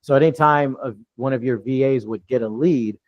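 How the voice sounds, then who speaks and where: A man's voice: medium pitch, brisk, dry recording, muffled recording. A man from New York coaching a live online training, talking loosely with many restarts over a video call. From New York, USA. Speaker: real estate deal coach.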